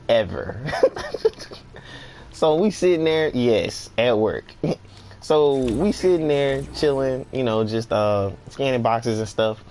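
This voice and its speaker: Man, young adult, gaming streamer, casual storytelling, animated, mid-pitched voice. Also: slow, soft background music. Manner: animated, laughing, swearing, voices quotes.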